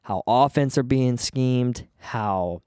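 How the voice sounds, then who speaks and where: A man's voice: mid-range voice, slow, dark tone, clear, resonant tone, dry recording, studio quality. A man hosting his own podcast, ranting casually with lots of swearing and stumbling restarts. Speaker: podcast host. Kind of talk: casual solo podcast rant.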